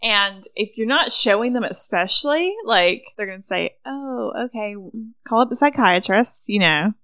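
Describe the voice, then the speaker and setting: A woman's voice: medium pitch, expressive, moderate pace, a bit bright, no echo. A woman co-hosting a book chat who reacts eagerly and laughs a lot. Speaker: book podcast co-host. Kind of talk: casual book-club chat.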